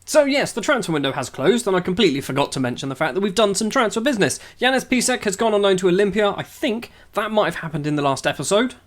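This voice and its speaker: Man, young adult, higher voice, dry sarcastic game commentary. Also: animated, quick pace, hardly any pauses. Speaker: gaming YouTuber.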